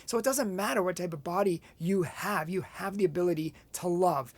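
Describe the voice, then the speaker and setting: A man past college age, whose voice sits high and moves fairly quickly on a dry recording, gives a motivational Catholic talk. He's an animated storyteller, sharing a personal story and acting out what people said to him.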